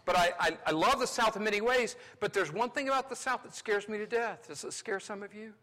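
Bright-voiced preaching man in a reverberant hall. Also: high-pitched, a little fast. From North Carolina. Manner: animated preaching, swings between loud and hushed. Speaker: pastor. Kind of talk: sermon. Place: large church sanctuary.

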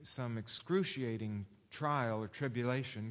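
A man's voice: mid-range voice, animated. Preaching man in a reverberant hall. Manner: preaching with rhetorical questions, slowing for read scripture. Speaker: pastor. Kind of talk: sermon.

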